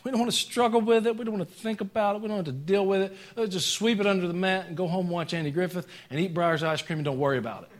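A man preaching a sermon to his congregation. He talks conversationally, pushing some lines out loud and dropping others to quiet joking asides. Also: high-pitched, quick pace, hardly any pauses. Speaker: pastor. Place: church sanctuary.

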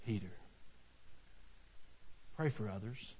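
A male pastor preaching a sermon in a conversational, storytelling way that swings from loud to soft. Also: medium pitch, expressive, moderate pace. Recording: dull lo-fi recording.

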